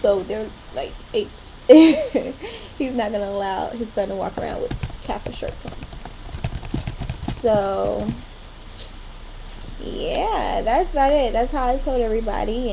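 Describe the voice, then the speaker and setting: A woman's voice: on the high side, gravelly, background noise. Chatty young woman vlogging at home. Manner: rambling and chatty, with short laughs. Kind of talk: casual chat.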